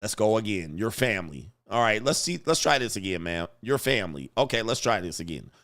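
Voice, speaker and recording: A man's voice: lowish voice, sing-song, a little fast, fairly bright tone. A man hosting a livestream reaction commentary, talking in a blunt, mocking way and chuckling often. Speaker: commentary host.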